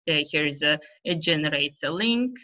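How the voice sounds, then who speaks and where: Bright-voiced Uzbek-accented woman teacher. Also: low voice, expressive, moderate pace. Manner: explanatory, many fillers and "right?" checks. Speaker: teacher trainer. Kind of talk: webinar presentation. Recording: dull lo-fi webinar audio.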